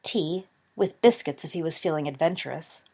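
A woman's voice: sits low, moderate pace, darkish tone, husky. A woman voicing a cheeky, witty schoolboy wizard of about eleven in an audiobook. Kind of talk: audiobook character voice.

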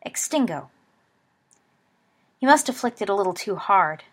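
A woman narrating a story in a steady, even reading voice. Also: medium pitch, quick pace.

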